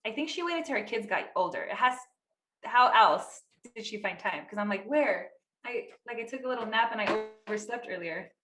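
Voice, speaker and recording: Thirties woman, podcast co-host, chatty and animated, crisp bright tone, echoey room. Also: on the high side, brisk, a little hiss or hum. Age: 30s. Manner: chatty, lots of "like" fillers, acts out quotes. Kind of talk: casual chat.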